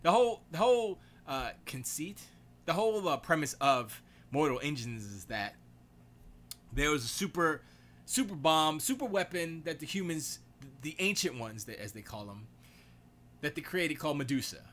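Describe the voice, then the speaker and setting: Stream host, male, loose rambling delivery, bright tone. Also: on the high side, big pitch swings, moderate pace. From United States. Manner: rambling, reads chat aloud, self-correcting. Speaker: livestream host. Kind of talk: casual livestream chat.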